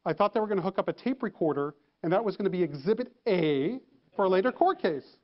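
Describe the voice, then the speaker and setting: A man telling a story to an audience, lively, acting out the phone calls he describes. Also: high-pitched, fast, lo-fi sound. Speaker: keynote speaker. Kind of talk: storytelling talk.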